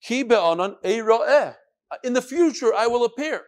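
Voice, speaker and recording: Animated man teaching a Talmud class. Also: extremely high pitch, normal speed. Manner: animated, sing-song study cadence mixing Hebrew and Yiddish terms.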